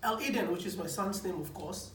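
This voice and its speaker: A man, a preacher, giving a personal testimony in a lively storytelling manner, stumbling over restarts and repeating words as he goes. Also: high-pitched, brisk. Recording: echoey room, distant mic, faint noise.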